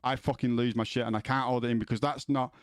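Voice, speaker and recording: Streaming from home, a man chats casually with his viewers, rambling, swearing, and often repeating words as he starts sentences. His voice is medium-pitched, steady, clear, and resonant, delivered fast, in a dry, clean studio sound.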